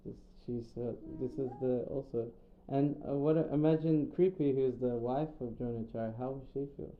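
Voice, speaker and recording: A man giving a scripture class, retelling the story in an animated, casual way and acting out the characters. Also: medium pitch, moderate pace, slight background noise. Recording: tinny phone-like sound.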